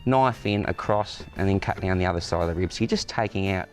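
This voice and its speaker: Outdoors in the sunshine, a low-pitched butcher guest walks through preparing a cut of meat step by step for a cooking demonstration. He speaks at a quick pace, with faint music playing in the background.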